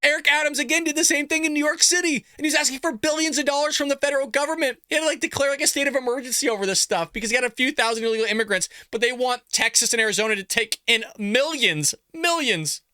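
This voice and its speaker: Sarcastic, bright-voiced male commentary host. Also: extremely high pitch, quick pace, hardly any pauses, no room sound, clean studio sound. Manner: sarcastic, animated, laughs at his own jabs. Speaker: political commentary show host. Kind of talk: opinionated commentary reacting to news.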